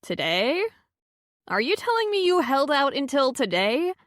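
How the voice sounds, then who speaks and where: A woman narrator plays a protective friend who takes charge, stern and pushy, her voice set higher than the narration. Every line comes as a firm question or order. The recording is dry and close. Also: very animated, measured pace, a bit bright, no room sound, exaggerated voice. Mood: stern concern.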